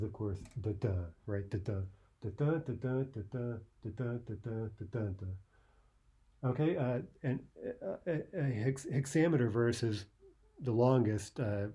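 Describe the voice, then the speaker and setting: A man with a fairly low, dark and mellow voice teaches a poetry lesson. He talks it through loosely, thinking aloud with frequent "uh"s and checking in with "right?" as he goes. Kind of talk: explaining a poem at a whiteboard.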